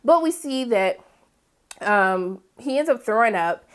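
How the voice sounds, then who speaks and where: A woman's voice: fairly high pitch, animated, measured pace, clean tone. A woman giving a casual, opinionated recap of a TV episode, talking straight to her viewers and breaking into acted quotes of the characters. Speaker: TV recap reviewer.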